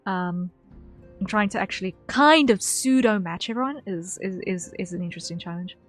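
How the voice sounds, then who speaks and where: Winding down a session, a woman streamer chats casually with her viewers in a medium-pitched voice at normal speed. She rambles, circling back on words and filling pauses with ums, as faint music plays underneath.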